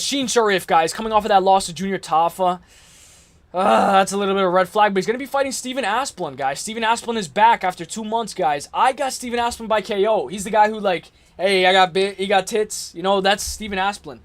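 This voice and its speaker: With a high voice and a fairly quick delivery, a man hosts a laid-back live stream. He makes his fight picks in slangy, excited talk and reacts to what viewers write.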